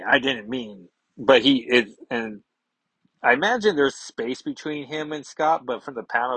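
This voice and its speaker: A man's voice: mid-range voice, fairly bright tone, slightly rough, no echo, low-quality recording. A man hosting a casual podcast, recapping a comic book in a rambling way, with many fillers and self-corrections, on a close microphone. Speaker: podcast host.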